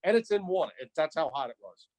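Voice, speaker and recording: A man in his sixties, a retired firefighter, telling a story in an animated, repetitive way. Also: a little high, fast talker. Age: 60s. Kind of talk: storytelling interview.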